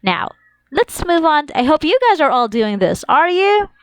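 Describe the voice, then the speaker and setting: A woman's voice: high-pitched, big pitch swings, no echo. Sing-song woman teaching young children. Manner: sing-song, slow and exaggerated for young learners. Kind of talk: online English lesson for children.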